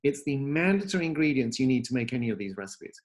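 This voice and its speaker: A man's voice: medium pitch, very animated, quick pace. A man hosting a casual video-call chat, demoing his app from home in an upbeat, rambling way with lots of fillers and restarts. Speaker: software company host demoing his app.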